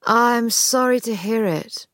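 Woman doing a sociable middle-aged gentleman, raised voice, audiobook. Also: a little high, takes it slowly, no echo, studio quality, voice pushed up.

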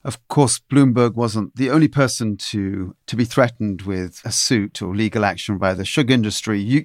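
A man hosting a podcast interview, asking measured and lightly teasing questions. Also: fairly low pitch, dry recording, studio quality. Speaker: podcast host.

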